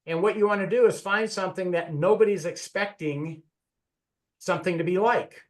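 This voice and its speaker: A man with a fairly high voice leads a speaking-club lesson on how to be funny. He talks over a video call in a loose, chatty way, often restarting and correcting himself as he tells his stories. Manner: chatty storyteller, frequent restarts and self-corrections.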